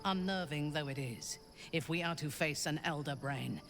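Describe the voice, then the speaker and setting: A woman's voice: sits low, moderate pace, over music. An actress playing a haughty, ambitious female warrior companion in a video game, speaking formally and with measure. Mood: cold.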